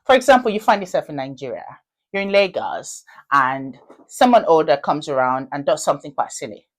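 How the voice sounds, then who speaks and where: Host, woman, lively swooping delivery, playful and chatty. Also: deep voice, fairly quick. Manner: animated, playful quizzing. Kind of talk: casual chat show.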